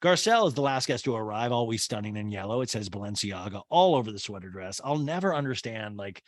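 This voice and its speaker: Man podcast host, comedic recap, lively snarky delivery, dry close mic. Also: fairly low pitch, dry recording. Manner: snarky, animated, quick asides.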